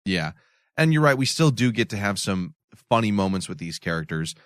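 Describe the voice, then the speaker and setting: Low-voiced man analyzing a show. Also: sing-song, a little fast, dry recording, clean studio sound. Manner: thoughtful, explains at length with restarts. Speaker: podcast co-host. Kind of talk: casual episode discussion.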